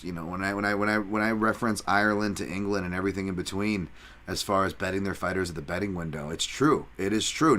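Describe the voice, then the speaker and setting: Bright, rambling, profane male fight podcaster. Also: sits low. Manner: rambling, profane, self-mocking asides. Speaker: podcast host and fight analyst. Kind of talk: casual fight breakdown chat.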